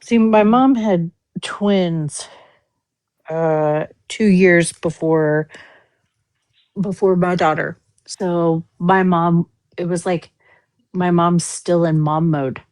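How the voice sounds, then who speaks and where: A middle-aged woman speaking in a casual chat, halting and full of fillers. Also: fairly low pitch, fairly even intonation, a little mellow, dry recording. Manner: slow and halting, with many fillers.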